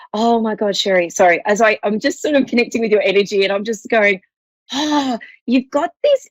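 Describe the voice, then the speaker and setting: A woman's voice: mid-range voice, dry recording, muffled recording. A woman with an Australian accent hosting a psychic call-in show, talking in a rambling, reassuring way with many restarts. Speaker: psychic medium host.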